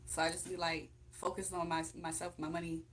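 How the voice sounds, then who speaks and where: A woman's voice: on the low side, level tone, brisk, fairly bright tone, slight background noise. A young woman hosting a casual livestream from home, chatting, laughing often and reading comments aloud. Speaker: livestream host.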